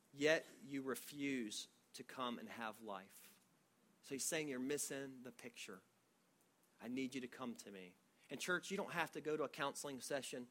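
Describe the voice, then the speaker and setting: A man in his forties preaching a sermon to his church in a conversational, storytelling way, with frequent halting restarts. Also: medium pitch, fairly bright tone. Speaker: pastor.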